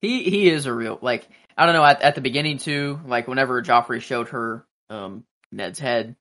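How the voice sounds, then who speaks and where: Male podcast co-host, casual chat, bright voice, halting and rambly delivery. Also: medium pitch. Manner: rambling, halting, full of fillers and restarts. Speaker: podcast co-host reacting to a TV episode.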